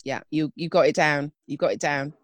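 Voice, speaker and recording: A woman's voice: sits low, a little fast, dry recording. A British woman co-hosting a podcast in casual chat, teasing and sweary, telling stories with gusto. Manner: teasing, sweary, animated storyteller. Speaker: podcast co-host.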